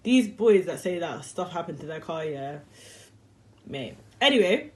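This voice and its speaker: A woman's voice: on the low side, expressive, a little slow. A young woman telling a story to camera in a rambling, slangy, chatty way and laughing easily. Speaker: vlogger.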